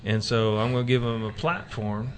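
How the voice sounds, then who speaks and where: A man's voice: medium pitch, normal speed, slight background noise. A man hosting a casual faith talk radio show, rambling with many fillers and restarts.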